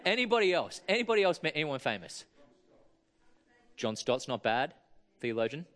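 A man's voice: a little high, very animated, normal speed, a bit bright. A man giving a sermon, chatting and joking with his congregation. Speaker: preacher. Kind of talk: sermon with audience interaction.

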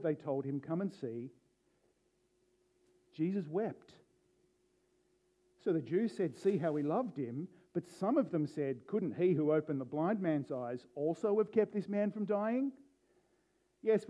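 A man's voice: high-pitched, warm tone. A man preaching a sermon earnestly, building to emphatic peaks as he reads and explains a passage. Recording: dull lo-fi sound.

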